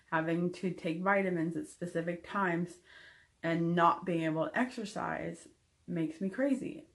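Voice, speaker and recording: A woman's voice: lowish voice, a bit bright. A young adult woman giving a candid, frank recovery update to camera, with frequent ums. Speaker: vlogger.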